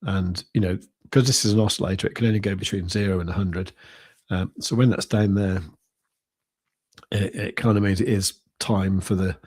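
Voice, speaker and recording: Man, British accent, low pitch, slightly husky, casual rambling chart commentary, thinking out loud. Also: fairly even intonation, moderate pace. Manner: rambling, thinking aloud with many fillers. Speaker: crypto trading livestream host.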